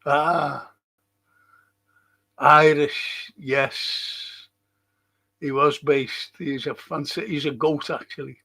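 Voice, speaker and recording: Slow, gravelly man hosting. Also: a little high, steady tone. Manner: reads viewer comments aloud, chatty and warm-hearted asides. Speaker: livestream host reading chat. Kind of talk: casual livestream chat.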